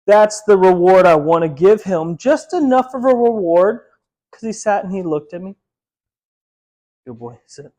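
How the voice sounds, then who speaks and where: A man's voice: high voice, normal speed, mellow. A man teaching a dog training lesson in a casual, chatty way, laughing often and using many fillers.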